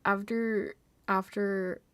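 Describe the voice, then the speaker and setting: A woman's voice: mid-range voice, level tone, very slow, fairly bright tone, clear, resonant tone, no room sound. A young woman chatting casually on a live stream from home, rambling, giggling and mocking herself, sometimes dropping to a whisper.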